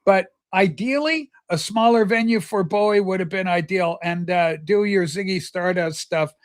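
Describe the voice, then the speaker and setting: A man with a notably high-pitched voice chats on a livestream. He tells stories with eager, rambling enthusiasm, talking straight to his viewers. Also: moderate pace. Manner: chatty, enthusiastic storyteller. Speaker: livestream host. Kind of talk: casual chat.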